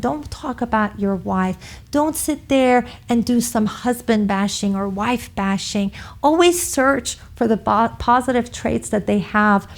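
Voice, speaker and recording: A woman in her forties, a marriage therapist, giving an earnest talk about marriage and telling stories from her practice. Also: fairly high pitch. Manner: earnest storytelling with acted quotes.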